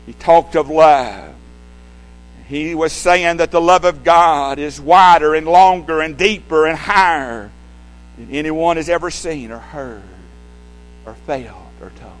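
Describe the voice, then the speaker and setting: An older man with grandchildren preaching a sermon, swinging from loud passages to hushed ones and putting repeated questions to the congregation. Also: fairly high pitch, low-quality recording.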